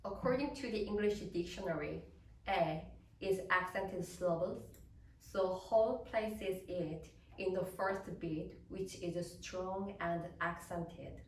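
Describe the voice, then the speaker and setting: Slow, careful woman lecturer in a hall. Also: lowish voice, a little hiss or hum. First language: Korean. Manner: deliberate, explanatory, reading prepared notes. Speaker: soprano giving a lecture recital. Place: recital hall. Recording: roomy, echoey hall with distant mic.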